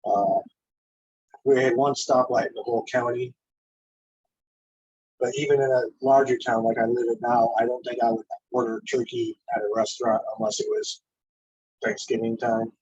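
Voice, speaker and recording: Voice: mid-range voice, animated, normal speed, pauses often, darkish tone, breathy edge, lo-fi sound. A home cook on a video call chatting in a matter-of-fact way with dry humor. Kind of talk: casual chat.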